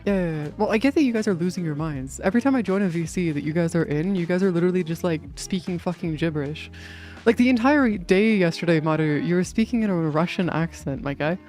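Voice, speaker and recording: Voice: mid-range voice, brisk, a little mellow, faint music behind. A live streamer chatting casually with friends and viewers while playing, rambling through lots of fillers and casual swearing. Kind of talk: casual gaming stream chat.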